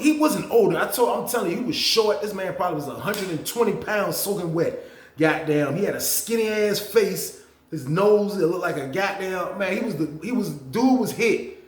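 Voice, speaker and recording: A man hosting a casual storytime, animated and profane, talking straight to his viewers. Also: high-pitched, normal speed, echoey room. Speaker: storytelling channel host. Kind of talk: casual storytime about prison.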